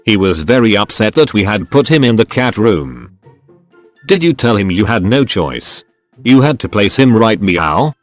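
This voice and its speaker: A man reading online stories aloud in an animated storytelling delivery. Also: lowish voice, normal speed, faint music behind. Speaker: narrator reading forum stories.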